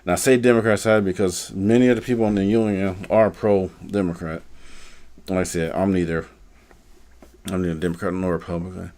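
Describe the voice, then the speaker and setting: Man, very deep voice, rambling live stream commentary, lots of fillers. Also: steady tone, fairly quick, a little mellow. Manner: rambling, repeats words, many fillers and "okay?". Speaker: live stream host, postal worker.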